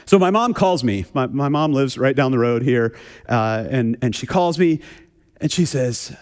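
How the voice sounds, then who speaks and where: A man preaching a conversational sermon, telling a funny personal story in a relaxed, chatty way and often repeating words as he restarts. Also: medium pitch, unhurried. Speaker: pastor. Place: church sanctuary. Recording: long hall reverb.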